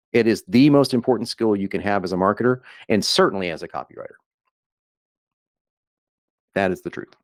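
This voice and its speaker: A man giving an enthusiastic, rambling sales pitch on a webinar as a guest copywriter, with frequent restarts and laughs. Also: expressive, fairly quick, long pauses, no room sound, studio quality.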